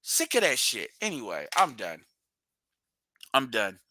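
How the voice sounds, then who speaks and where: A man's voice: medium pitch, wildly swooping pitch, unhurried, noisy background. A man hosting a livestream, ranting bluntly and profanely and hammering his points through repetition. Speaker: livestream host.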